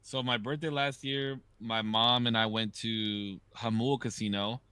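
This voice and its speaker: A man's voice: mid-range voice, steady tone, a little slow, bright, forceful tone, smooth, no room sound. A man hosting a podcast, telling gambling stories in a loose, profane, casual way. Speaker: podcast host. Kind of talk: casual chat.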